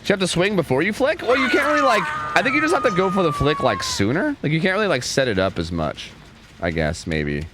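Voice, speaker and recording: Young dude streaming, talks a bit high, lots of "like", cusses a bunch. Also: male voice, huge pitch swings, fairly quick, music in the background. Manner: rambling, lots of filler "like", swears when frustrated. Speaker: game streamer. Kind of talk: casual live gameplay commentary. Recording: clear background noise under the voice.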